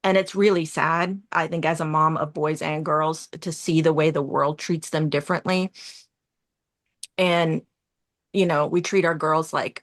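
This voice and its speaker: A woman in her forties talks in a low, deep voice, earnest and a little rambling, laughing softly between thoughts. Her voice is recorded close and dry, with no room around it. She is a guest in a casual, heartfelt conversation. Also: steady tone, normal speed, no room sound. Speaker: community guest.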